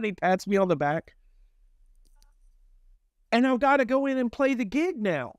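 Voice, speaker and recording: Middle-aged memphis guy spinning salty stories, a bit high voice, dry close sound. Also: moderate pace, long pauses, no echo. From Memphis, Tennessee, US. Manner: lively, profane, self-mocking anecdotes. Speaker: guest musician. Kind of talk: candid storytelling in an interview.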